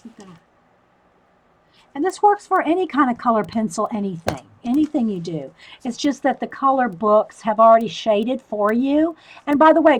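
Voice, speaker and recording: A woman's voice: a little high, rough recording. A woman hosting a live stream, chatting casually through a coloring demo and answering viewer comments.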